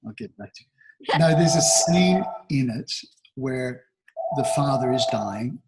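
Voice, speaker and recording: A man's voice: mid-range voice, lively intonation, measured pace, heavy background noise. A man in his sixties from Australia, a talent agency founder talking thoughtfully as an interview guest, with many restarts and fillers. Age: 60s. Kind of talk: reflective interview conversation.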